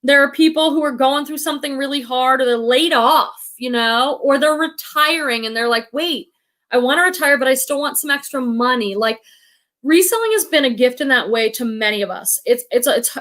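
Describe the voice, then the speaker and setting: A woman with a high, lively voice hosts a casual live stream. She chats freely, laughs often and fills her talk with likes and you-knows. She sounds middle-aged. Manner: chatty, warm-hearted, laughs often, many fillers. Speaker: livestream host of a reselling channel. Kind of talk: casual live-stream chat reading comments.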